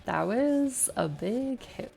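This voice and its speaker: A woman from the United States streaming a game, reading its text aloud in a calm, measured way and chatting casually between passages. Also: on the high side, vocal fry.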